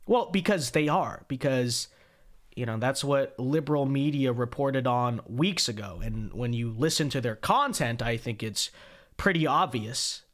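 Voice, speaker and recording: A young man hosting a casual political commentary show, talking sarcastically and mocking quotes in a high, whiny voice. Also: lively intonation, measured pace.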